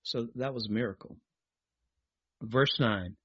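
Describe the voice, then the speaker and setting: Husky preacher man reading scripture. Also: mid-range voice, a little slow, dry recording, lo-fi sound. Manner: reads scripture aloud then exhorts listeners directly.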